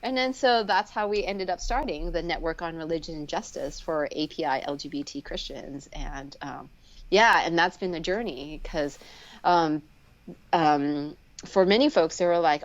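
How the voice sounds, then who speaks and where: Lively woman telling her story over muffled audio. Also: sits low. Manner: animated, acts out quoted voices with sharp upward leaps and laughter; frequent fillers and restarts, slows down on heavy moments. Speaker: guest, speech pathologist. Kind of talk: candid personal storytelling in a live interview. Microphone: video call.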